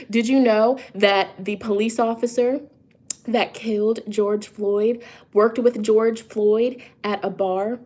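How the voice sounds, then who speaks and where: A woman's voice: mid-range voice, darkish tone. A woman who reads tarot, talking casually and emphatically to her viewers, often asking them questions and restarting sentences as she goes. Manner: emphatic, talks straight to viewers with rhetorical questions; loose and conversational, with frequent restarts and asides. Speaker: tarot reader and psychic. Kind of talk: casual vlog monologue.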